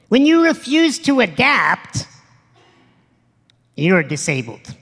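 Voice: medium pitch, sing-song, unhurried, pauses often, a bit bright, slightly rough, big-room sound. A motivational speaker giving a live stage talk to an audience, blunt and profane, emphatic, acting out quoted voices.

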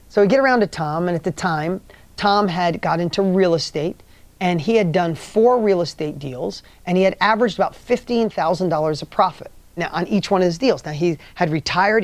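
A man's voice: high voice, no room sound. Male motivational speaker, emphatic storyteller who acts out quotes, dry close sound.

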